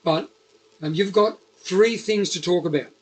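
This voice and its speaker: A man's voice: high-pitched, measured pace, husky, rough recording. A man with a Liverpool accent hosting a casual interview, rambling and chatty with lots of fillers and restarts. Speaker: podcast host.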